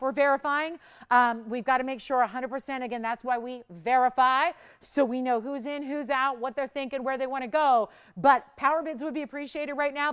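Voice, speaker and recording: A woman hosting a live jewelry auction on a shopping channel, talking in bubbly, fast sales patter and a bit out of breath. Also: sits high.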